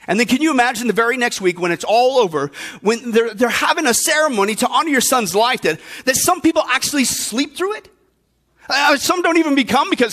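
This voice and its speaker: A male pastor delivers a sermon in a strikingly high, bright voice. He tells an imagined story and presses the listeners with repeated rhetorical questions. His delivery is animated throughout. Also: a little fast.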